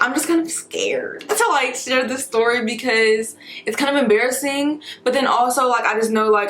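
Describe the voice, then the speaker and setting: A woman's voice: on the high side, pushed and bright, echoey room, slight background noise. A young woman vlogger, chatting casually and slangily, with swearing and tangents, while she does her hair and makeup, hiccuping as she talks. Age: young adult. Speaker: beauty vlogger.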